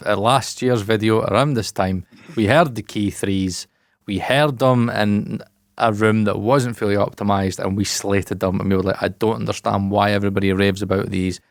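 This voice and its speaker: A man's voice: fairly low pitch, normal speed, no echo, studio quality. A man co-hosting a podcast in loose, rambling casual chat, swearing and laughing often. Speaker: podcast co-host.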